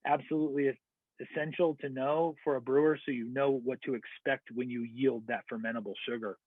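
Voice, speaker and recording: In a mid-range voice with a steady tone and a fairly quick pace, an American man delivers an online lecture step by step, sprinkled with fillers and self-corrections. There's no echo; the sound is dry and tinny, like a phone.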